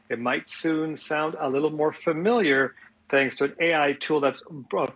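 A man gives easygoing business commentary as a radio guest, his voice bright and sharp but a little husky. He pitches up a touch for a man and talks conversationally, with some restarts. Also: low-quality recording. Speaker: financial advisor, regular guest.

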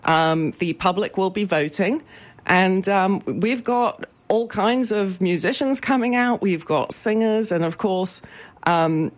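A woman's voice: mid-range voice, takes it slowly. A woman talking as a guest about her business association's events, upbeat and full of ums. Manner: chatty, many ums, upbeat promotional. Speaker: business improvement association representative. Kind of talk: radio interview guest.

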